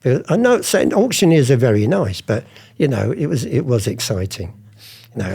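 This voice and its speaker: Appearing as an interviewee, an elderly art forger spins rambling, animated anecdotes, acting out what people said. His mid-range voice is fairly quick, creaky, and edged with breathiness.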